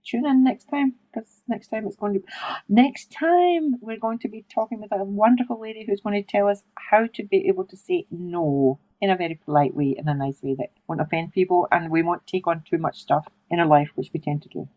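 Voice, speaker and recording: A woman's voice: mid-range voice, brisk, mellow, dry recording, rough recording. A woman hosting a casual podcast interview, chatty and playful, laughing often and playing with words. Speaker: podcast host.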